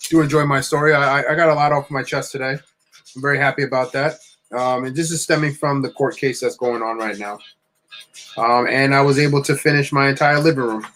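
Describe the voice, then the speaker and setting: A man from New Jersey telling a story in a chatty, animated vlog style. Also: medium pitch, low-quality recording. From New Jersey, USA. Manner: chatty, animated, frequent fillers. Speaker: vlogger and LEGO builder.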